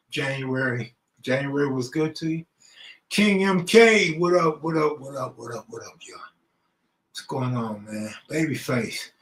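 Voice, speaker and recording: A man's voice: medium pitch, a bit bright, reverberant, poor audio. Man chatting loosely on a home live stream. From Los Angeles. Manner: loose street slang, talking straight to viewers. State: out of breath. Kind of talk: casual live stream chat, greeting viewers. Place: room at home, alone.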